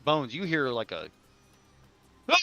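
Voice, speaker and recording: A man's voice: medium pitch, fairly quick, a bit bright, muffled recording, faint music behind. A man narrating as game master of a tabletop game, talking loosely with many fillers and restarts.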